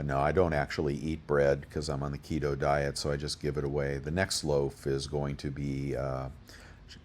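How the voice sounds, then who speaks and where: A man's voice: a bass voice, darkish tone. A man hosting a coin deals channel, rambling casually and thinking aloud as he works through prices, with the hiccups. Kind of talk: casual deal rundown.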